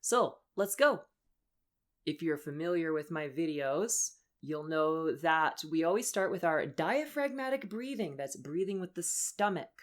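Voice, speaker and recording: A young woman voice coach leading a lesson, upbeat and encouraging as she walks through breathing and vocal warm-ups. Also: low-pitched, lively intonation, measured pace. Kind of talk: instructional voice lesson.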